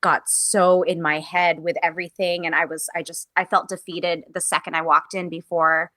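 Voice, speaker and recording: A woman's voice: on the low side, flat delivery, normal speed, a bit bright, dry recording, clean studio sound. A woman stage actress talking candidly as a guest on a show, earnest and reflective, often restarting her thoughts. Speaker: musical theater actress, guest. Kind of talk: candid casual conversation.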